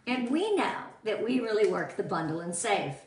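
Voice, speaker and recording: A woman's voice: mid-range voice, very animated, normal speed, a little mellow, recorded from a distance. A woman leading a casual live-stream training for her sales team, bubbly and chatty, greeting viewers by name as she shows products. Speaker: team leader of sales consultants. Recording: echoey room, voice off-mic.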